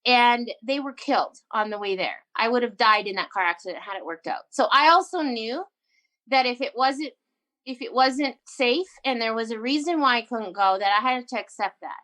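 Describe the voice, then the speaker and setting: A woman telling a personal story in a casual interview, animated and emphatic, acting out her own quoted lines. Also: on the high side, normal speed. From Canada. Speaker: guest entrepreneur.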